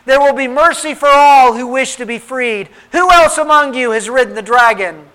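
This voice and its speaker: Guy doing a solemn old king, gentle but firm, high bright voice, storybook. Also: normal speed, clear, resonant tone, low-quality recording. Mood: commanding. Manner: grave, tender, commanding. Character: grieving merciful old king, father.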